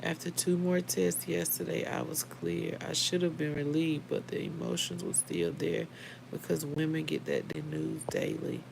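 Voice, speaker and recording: A woman's voice: sits low, lively intonation, normal speed, gravelly, background noise. A middle-aged woman, hosting a casual livestream, heartfelt and emotional, talking straight to her viewers by name. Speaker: livestream host.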